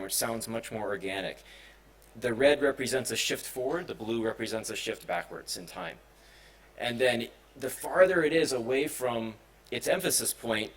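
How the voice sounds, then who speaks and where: A man gives a technical presentation at a conference in a casual, rambling way. His pitch sits in the middle for a man, and he often pauses on fillers and restarts his sentences. A piano sounds now and then behind him. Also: low-quality recording. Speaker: conference speaker. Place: conference hall.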